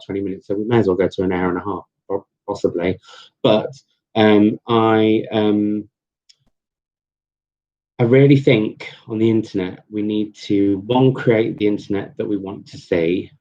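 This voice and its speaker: Young male host for a casual live stream, low-pitched, rambling with ums and restarts, recorded through muffled webcam audio. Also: dark tone. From England. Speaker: book vlogger hosting a live chat.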